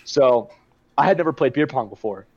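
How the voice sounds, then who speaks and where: A man's voice: mid-range voice, lively intonation, normal speed, a crowd in the background. A young man co-hosting a podcast, telling a rambling party story in casual chat and swearing a lot. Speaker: podcast co-host. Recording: muffled dry recording.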